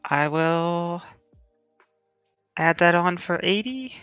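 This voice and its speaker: A tabletop game player dealing politely and in a measured way. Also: mid-range voice, animated, fairly bright tone, clear, resonant tone, no room sound. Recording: dull lo-fi with faint music.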